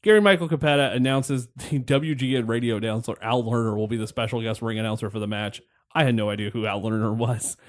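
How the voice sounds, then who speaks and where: A man's voice: mid-range voice, fairly even intonation, fast. A man hosting a podcast, rambling through a wrestling match recap in casual chat, wry and laughing, with the odd swear. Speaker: podcast host.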